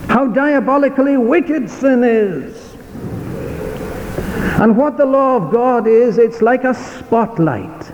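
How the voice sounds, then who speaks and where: A man's voice: very high-pitched, lively intonation, slow, darkish tone, slight background noise. A male preacher delivering an emphatic sermon, repeating key phrases for stress. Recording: dull lo-fi sermon tape with long hall reverb.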